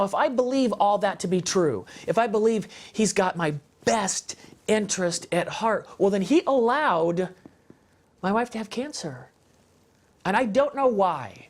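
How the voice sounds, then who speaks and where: A man's voice: sits high, normal speed. A man speaking as an interview guest in an impassioned, emphatic, preacher-like way about faith and family.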